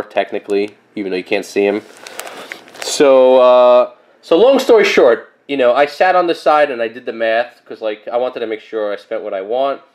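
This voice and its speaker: A man in his thirties talking casually and rambling through a comic book haul, with lots of fillers and animated asides. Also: mid-range voice. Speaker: comic collector vlogger.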